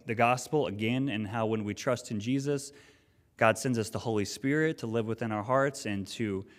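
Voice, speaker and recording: A man preaching a sermon, telling a personal story in an earnest, conversational way with frequent restarts. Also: mid-range voice. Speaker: pastor. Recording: long reverb of a hall.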